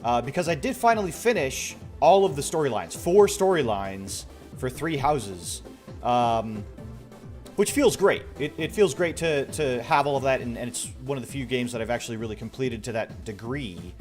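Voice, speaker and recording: A man streaming a video game, chatting casually with his viewers in a soft-spoken way, with sentences that often trail off quietly. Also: medium pitch, lively intonation, normal speed, faint music behind. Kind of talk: casual gameplay stream chat.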